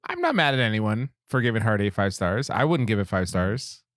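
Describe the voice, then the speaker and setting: An animated man co-hosting a casual podcast, his pitch moving a lot as he talks. He laughs easily. The sound is close and dry. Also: brisk, no room sound. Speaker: podcast co-host. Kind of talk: casual chat.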